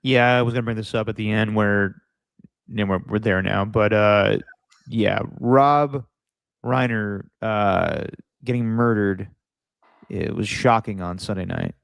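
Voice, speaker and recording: Male podcast co-host, rambling storyteller, smooth clear voice, dry sound. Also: fairly low pitch, a little slow, dry recording. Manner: rambling, anecdotal, lots of fillers. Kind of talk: casual sports podcast chat.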